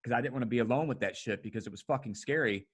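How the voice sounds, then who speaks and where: A man's voice: medium pitch, racing. A man hosting a casual podcast chat, talking bluntly and emphatically with frequent swearing. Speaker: podcast host.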